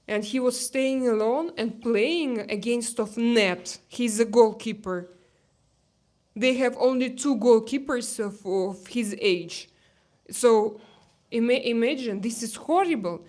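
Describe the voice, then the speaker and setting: A woman with a Russian accent chats casually on a livestream, answering viewer comments. She talks slowly and hesitantly, with many fillers and restarts, in a fairly high voice. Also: a little mellow. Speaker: livestream host. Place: outdoor terrace.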